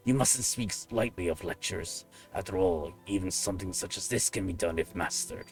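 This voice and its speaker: A man voicing a loyal, solemn warrior monk with a gravelly voice, reading game dialogue in formal, deliberate speech. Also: low-pitched, soft background music. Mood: devoted.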